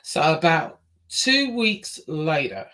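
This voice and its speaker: A woman from England with an English accent, telling a story in casual talk, bluntly and with some swearing, jumping up in pitch as she acts out what people said. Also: takes it slowly. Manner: lively, acts out quotes with big pitch jumps.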